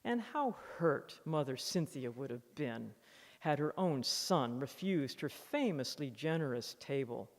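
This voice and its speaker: A woman author giving a public lecture, reading from her book with expressive, animated emphasis at a podium microphone. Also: extremely low pitch, measured pace. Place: lecture hall in a library museum. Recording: long reverb of a lecture hall.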